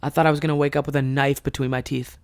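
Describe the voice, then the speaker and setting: Young guy doing a solo comedy podcast, animated storytelling, cusses a lot, dry close mic. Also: mid-range voice, very fast, gravelly, no room sound. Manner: animated, swearing, laughing at own stories.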